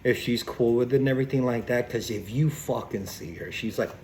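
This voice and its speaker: A man's voice: mid-range voice, a little fast, a little mellow, a little hiss or hum. A man telling a rambling, profane story to camera, laughing between lines. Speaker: vlogger. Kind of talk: casual storytelling vlog.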